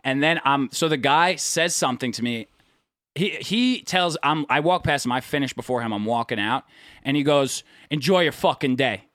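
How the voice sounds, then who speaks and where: A man's voice: moderate pace, dry recording, studio quality. A young man telling a profane story in casual chat, acting out what people said with big jumps in his voice. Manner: animated, acts out quotes with big pitch jumps.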